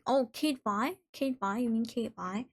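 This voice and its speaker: A woman's voice: a little high, unhurried. A woman hosting a live stream in casual chat, reading out messages from viewers and reacting to them playfully. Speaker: livestream host.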